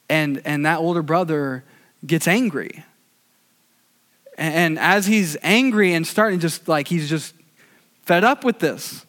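A man preaching a casual, conversational sermon, telling the story with animated fillers and asides. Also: fairly high pitch, a little slow, long pauses.

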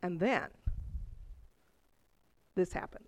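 A woman giving a sermon, telling personal stories in an animated way that rises with emotion. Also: extremely slow. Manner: animated storytelling, voice rising with emotion. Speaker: preacher.

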